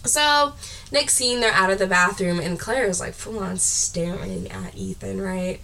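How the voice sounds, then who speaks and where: Animated young woman recapping a film. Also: mid-range voice, creaky. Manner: animated, acts out characters in quick put-on voices, laughs often. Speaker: podcast co-host. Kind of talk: casual chat recapping a film.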